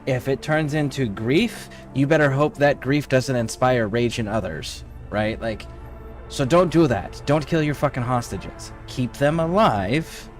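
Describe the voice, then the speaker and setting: A man streaming a video game, chatting casually with viewers, swearing freely and thinking out loud while he plays. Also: medium pitch, a little slow, faint music behind. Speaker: livestreamer. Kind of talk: casual gaming livestream chat.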